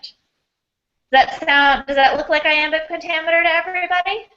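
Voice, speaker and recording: Upbeat bright-voiced woman teacher. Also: very high voice, steady tone, fairly quick, highs cut off. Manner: upbeat, encouraging praise. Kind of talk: online class lesson.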